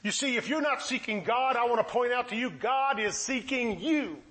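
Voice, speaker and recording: Male preacher, very high voice, impassioned sermon, pleading questions. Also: moderate pace, bright, forceful tone.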